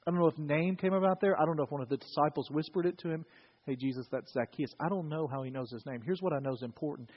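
A man's voice: a little high, racing, few pauses. A male pastor preaching a sermon in a conversational, storytelling way with wry humor. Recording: dull, reverberant church recording.

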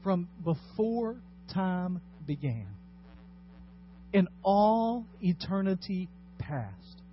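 High-voiced pastor preaching a sermon. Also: male voice, expressive, drawn-out words, soft background music. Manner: dramatic swings between quiet and loud delivery. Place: church sanctuary. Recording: dull lo-fi sound with faint noise.

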